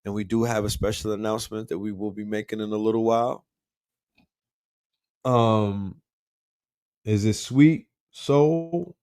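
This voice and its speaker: A man hosting a casual livestream, talking in slang and shouting out the cities his viewers are watching from. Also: fairly low pitch, a little slow, pauses often, smooth, no echo, studio quality. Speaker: livestream host.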